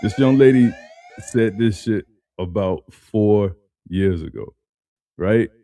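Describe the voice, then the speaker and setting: A man's voice: on the low side, takes it slowly, crowd noise. A man hosting a casual reaction video, talking loosely with slang and repeated phrases before playing a clip.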